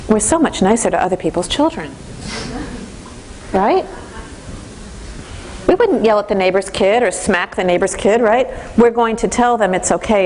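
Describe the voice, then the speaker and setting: Woman, instructor, classroom training lecture, conversational, lively, faint room noise. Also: mid-range voice, brisk, poor audio.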